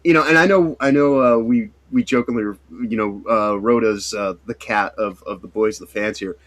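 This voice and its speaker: Lowish-voiced man chatting on a podcast. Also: moderate pace, fairly bright tone, no echo. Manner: rambling, restarts and fillers while making a point. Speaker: podcast co-host. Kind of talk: casual chat.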